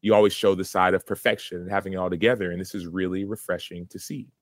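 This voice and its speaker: A man's voice: low-pitched, fairly even intonation, fast, no echo. A man in his thirties, a former football player, earnestly recounting a personal story in an interview, with many restarts.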